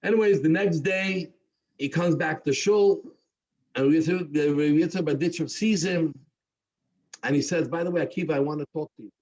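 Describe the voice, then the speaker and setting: A man telling a story at a Havdalah gathering, animating the characters with a husky voice. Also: moderate pace. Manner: animated, voicing characters with rising pitch. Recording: dull lo-fi recording.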